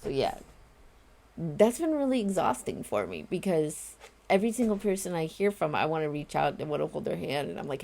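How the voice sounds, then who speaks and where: Casting note: woman in her forties, vlogger, low mellow voice, earnest and emphatic, talking directly to camera. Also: big pitch swings, a little fast, vocal fry. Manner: emphatic, earnest, talks straight to viewers. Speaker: vlogger and home confinement advocate. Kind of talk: casual direct-to-camera vlog.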